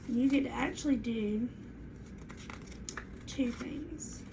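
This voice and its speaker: A female teacher with a fairly high voice takes her time leading young kids through a reading lesson, reading aloud in a clear, sing-song classroom tone. The background is noisy.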